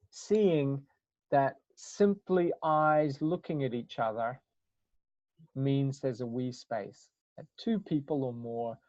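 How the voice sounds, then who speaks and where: A man's voice: mid-range voice, a little mellow, dry recording. A man speaking reflectively on a webinar about communication, searching for his phrasing and restarting words as he goes. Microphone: video call. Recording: dull lo-fi webinar audio.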